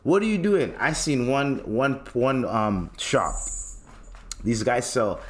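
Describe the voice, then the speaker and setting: A man's voice: mid-range voice, animated, takes it slowly. A young man from Toronto with a Toronto accent, hosting a podcast and ranting in a solo monologue, exasperated, profane and mocking. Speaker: podcast host.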